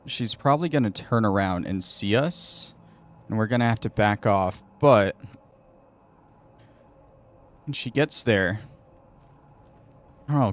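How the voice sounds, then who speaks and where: A male gaming host talks through his play in a relaxed commentary, half to the audience and half to himself. His voice sits on the low side and his pace is slow and easy, with quiet asides as he plans each move. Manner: muttering to himself, thinking aloud. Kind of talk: casual gameplay commentary.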